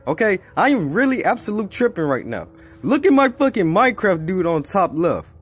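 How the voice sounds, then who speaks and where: Profane, excitable man with a lively voice. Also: high voice, fairly quick, slightly rough. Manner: profane, excitable, trash-talking. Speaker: gaming YouTuber. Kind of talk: casual let's-play commentary. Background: game music.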